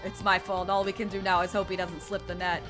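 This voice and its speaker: A woman voicing a weary, gruff middle-aged male police detective in game dialogue. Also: little pitch movement, a little fast, over music, lightly acted. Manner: low, tired, gruff. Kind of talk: game dialogue read aloud.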